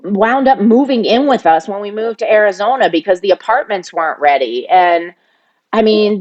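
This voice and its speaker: A woman's voice: medium pitch, dull audio. Woman, middle-aged, personal storytelling, emotional. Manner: emotional, animated when reenacting arguments. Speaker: podcast guest.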